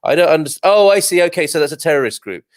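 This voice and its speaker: A man's voice: on the high side, animated, very fast, dry recording, studio quality. A man hosting a live morning show, chatting jovially and reading out viewer comments. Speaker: show host.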